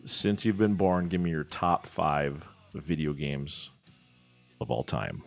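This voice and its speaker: A man's voice: very deep voice, animated, slow pace, creaky, soft background music. A middle-aged man co-hosting a podcast in casual, jokey chat. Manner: jokey, slips into silly put-on voices. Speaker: podcast co-host.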